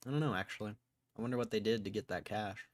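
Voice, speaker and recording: A man's voice: on the low side, fast, no room sound. A man livestreaming stock market commentary, thinking aloud in a casual way and swearing freely as he mock-rants. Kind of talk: casual live-stream commentary.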